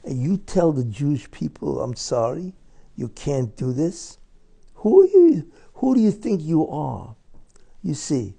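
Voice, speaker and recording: An older man, a rabbi, giving an impassioned religious lecture full of rhetorical questions, swinging between loud outbursts and hushed asides. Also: medium pitch, creaky, slightly rough.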